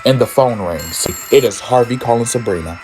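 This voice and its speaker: Man, casual comic book recap, campy and sassy, cussing asides, average pitch, faint music behind. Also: normal speed, darkish tone. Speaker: storyteller.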